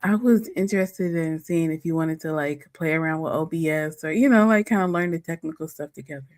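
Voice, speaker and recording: Chatty giggly lady, lowish voice, guest on a stream, new mic. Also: a little fast, darkish tone. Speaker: livestream guest. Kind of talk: casual livestream chat. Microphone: new microphone.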